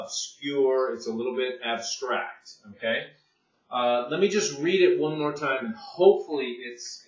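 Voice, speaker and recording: A man teaching an English grammar lesson, explaining rules slowly and repeating himself, often asking "okay?" and restarting sentences. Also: mid-range voice, a bit bright. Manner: repetitive, checks in with "okay?", many restarts and fillers. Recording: distant, roomy, dull lo-fi sound.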